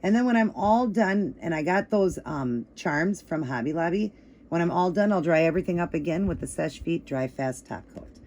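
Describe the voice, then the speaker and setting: A woman walks through a nail art tutorial in a casual, chatty way, with plenty of fillers. Her voice is a little hoarse and crackly. She talks at an easygoing, relaxed pace. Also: on the low side, normal speed. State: slightly hoarse, voice still crackly.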